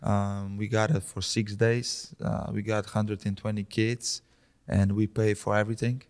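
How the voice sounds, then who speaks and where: Slovenian-accented man, low voice. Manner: relaxed, halting speech with many restarts. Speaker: guest. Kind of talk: casual podcast chat.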